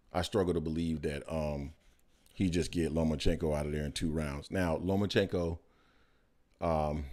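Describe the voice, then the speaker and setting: A man hosting a boxing podcast in casual chat, joking loudly at times and dropping to calm analysis at others. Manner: excitable, swings from loud joking to low calm analysis. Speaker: podcast host.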